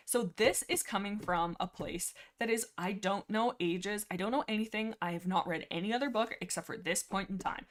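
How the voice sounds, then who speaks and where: A woman's voice: mid-range voice, fairly bright tone. A woman hosting a livestream, chatting casually and rambling through a book discussion with many fillers and restarts. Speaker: livestream host.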